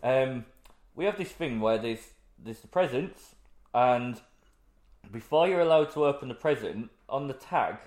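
A man's voice: medium pitch, lively intonation, measured pace, darkish tone. A young man in a casual podcast chat, rambling through anecdotes and correcting himself as he goes. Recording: roomy echo.

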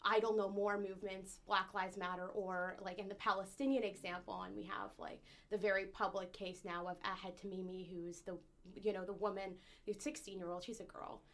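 Woman, slight lisp, casual podcast chat, blunt, swears a lot, heated opinions, middle pitch. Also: little pitch movement, moderate pace, fairly bright tone. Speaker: co-host candidate.

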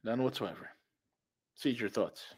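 A man's voice: medium pitch, a little slow, husky. A man co-hosting a podcast, reading news aloud with sarcastic, mocking asides. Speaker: podcast co-host. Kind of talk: casual ranting commentary.

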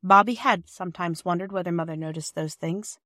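Measured woman reading a children's classic. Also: lowish voice, fairly even intonation, bright, forceful tone, no echo, clean studio sound. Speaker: audiobook narrator. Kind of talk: scripted storybook narration.

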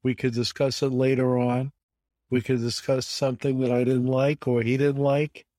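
A man in his seventies from the United States, a guest telling animated stories with emphatic repetition in an interview. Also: mid-range voice, normal speed, no room sound. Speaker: guest, bridge champion. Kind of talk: conversational storytelling interview.

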